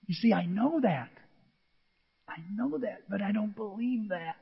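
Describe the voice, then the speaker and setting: Older man, high voice, sermon, husky tone, long hall reverb, dull lo-fi sound. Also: measured pace. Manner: animated storytelling, acts out voices. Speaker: pastor.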